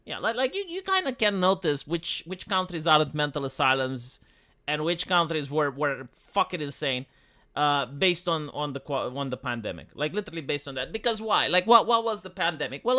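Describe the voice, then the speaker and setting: A man's voice: a little high, animated, brisk, bright, forceful tone. A man from Romania ranting on a livestream, profane and full of restarts and fillers. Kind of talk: casual opinionated livestream rant.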